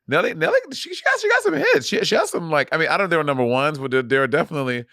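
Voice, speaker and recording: A man co-hosting a podcast in casual chat, playful and quick to laugh. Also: fairly high pitch, big pitch swings, pushed and bright, dry recording, studio quality. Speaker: podcast co-host.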